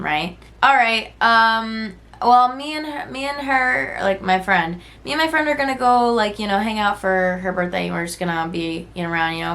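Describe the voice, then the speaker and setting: A woman's voice: medium pitch, normal speed, hardly any pauses, fairly bright tone. A woman in her twenties telling a personal story to camera in a casual, rambling way, full of "like" and "right?" tags. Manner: rambling, heavy use of "like" and "right?"; earnest, candid.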